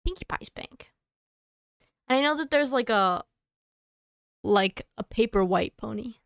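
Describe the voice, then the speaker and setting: A woman streamer chatting casually to herself and her audience while playing a game, thinking aloud with quick asides. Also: on the high side, expressive, creaky, no room sound, studio quality.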